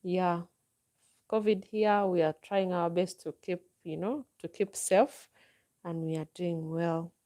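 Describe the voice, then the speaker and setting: A Ugandan woman with a Ugandan accent talks through a live chat, answering viewers in a relaxed, advising way. Her voice sits a little low and sounds soft and mellow. She speaks at an easy, unhurried pace. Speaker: vlogger.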